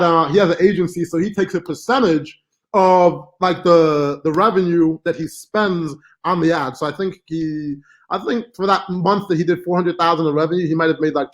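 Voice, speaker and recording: Man, high voice, chatty, rambling, casual live-stream class host. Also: dull audio. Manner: chatty, rambling, many fillers and asides. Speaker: online marketing course host.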